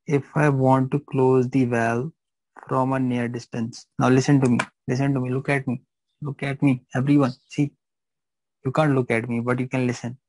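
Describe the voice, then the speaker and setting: A man's voice: mid-range voice, level tone, normal speed, a little mellow, no echo, rough recording. A man teaching a live physiology class, repeating phrases and checking that students understand.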